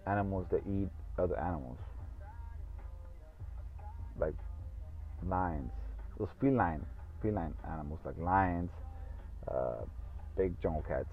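A man hosting a podcast in casual solo talk, rambling and swearing freely with lots of fillers. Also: low voice. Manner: rambling, profane, full of fillers. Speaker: podcast host. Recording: tinny phone-like audio.

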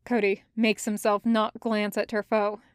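A woman reading a fan fiction story aloud as narrator, in a measured, even way, close to the mic. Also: medium pitch, clean tone, no room sound. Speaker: podfic reader.

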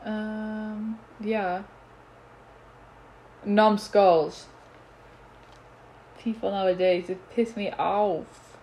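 A woman's voice: mid-range voice, flat delivery, drawn-out words, pauses often, dark tone, a little hiss or hum. A teenage girl hosting a solo podcast, ranting bluntly and swearing in a casual, exasperated way.

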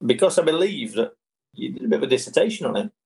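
A man's voice: medium pitch, sing-song, fast talker, creaky, a little mellow. A man with a northern English accent, co-hosting a casual dog-training chat and acting out little scenes as he talks. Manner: chatty, jokey, acts out little scenes. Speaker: podcast co-host.

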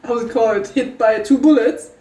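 A woman's voice: fairly high pitch, normal speed. A woman chatting casually and giggling while going over a story with a friend. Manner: giggly, animated. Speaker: co-writer reading a story. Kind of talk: casual chat. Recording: roomy echo, distant mic.

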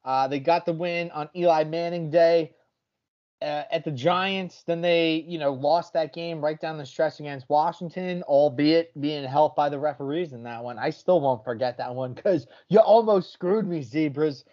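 A man's voice: fairly high pitch, moderate pace, lo-fi sound. A man hosting a sports betting podcast in casual, brash chat, swearing freely as he talks picks.

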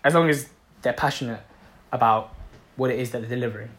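A man's voice: medium pitch, quick pace, a bit bright. A man giving a passionate motivational talk, repeating himself for emphasis and swearing freely. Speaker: motivational speaker.

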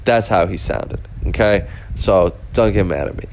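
A man's voice: low voice, normal speed, a little mellow, slight background noise. A young man casually telling a rambling story, full of fillers and restarts. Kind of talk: casual anecdote.

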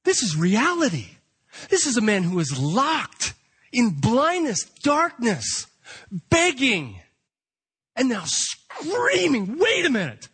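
High, lively husky-voiced preacher man. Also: slow pace. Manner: dramatic, acts out the shouting beggar. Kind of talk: animated sermon.

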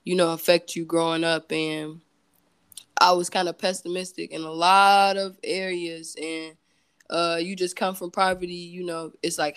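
A woman's voice: on the low side, little pitch movement, normal speed, smooth, no echo. A woman guest on a podcast, talking in a loose, candid way with many fillers and self-corrections. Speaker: podcast guest, entrepreneur and singer. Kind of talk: casual chat.

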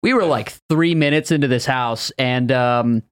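Relaxed man with a dry sound. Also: medium pitch, moderate pace, smooth, no echo. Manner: relaxed, filler-heavy recounting. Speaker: podcast co-host. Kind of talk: casual group chat.

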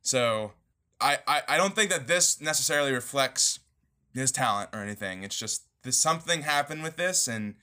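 Bright-voiced animated male co-host. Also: medium pitch. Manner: animated, retells scenes with quick impressions. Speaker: podcast co-host. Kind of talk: casual review chat.

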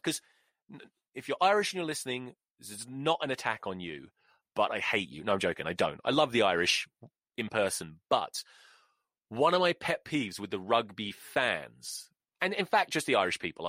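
A man's voice: on the high side, pushed and bright, dry recording, studio quality. A man, hosting a solo podcast and ranting with profanity and sarcasm. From England. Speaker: podcast host. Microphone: close mic.

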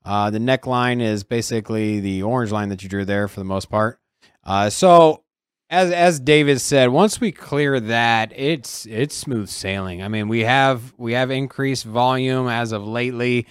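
Man, laid-back co-host, smooth resonant voice, dry sound. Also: medium pitch, measured pace, no echo. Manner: loose, laid-back, slangy. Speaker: podcast co-host. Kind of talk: casual market chat.

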